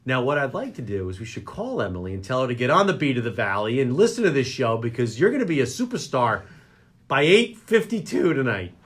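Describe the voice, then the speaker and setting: A man's voice: mid-range voice, big pitch swings, brisk, a bit bright. A man hosting a local radio talk show, joking and rambling. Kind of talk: casual chat show banter.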